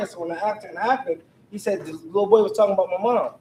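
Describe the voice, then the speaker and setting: A man's voice: sits high, fast talker, warm tone. A man earnestly telling a rambling personal story at a community meeting, acting out bits of dialogue. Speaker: community member sharing at a forum. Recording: echoey room, far from mic, faint noise.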